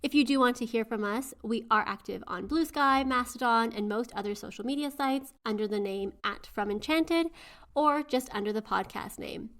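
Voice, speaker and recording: Woman, podcast co-host, casual chat, chatty, a bit high-pitched. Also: normal speed, a bit bright. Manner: chatty, laughs often, searches for words.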